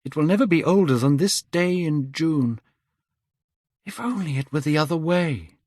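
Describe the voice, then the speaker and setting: A man's voice: fairly high pitch, animated, normal speed, a little mellow, no echo, studio quality, pitched above the performer's own voice. A man voicing a beautiful, vain young man who pleads in anguish. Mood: despairing.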